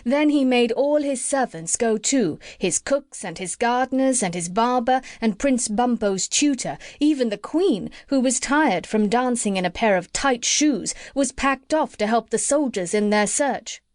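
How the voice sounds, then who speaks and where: A woman narrating a classic children's storybook in a gentle, measured way. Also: on the high side, animated, no room sound, studio quality. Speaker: audiobook narrator.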